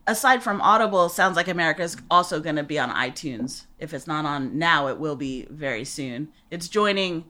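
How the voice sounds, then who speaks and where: A woman's voice: sits low, expressive, moderate pace, hardly any pauses, bright, forceful tone. A woman hosting a podcast interview, enthusiastic and admiring, laughing easily. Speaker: podcast host. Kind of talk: casual interview chat.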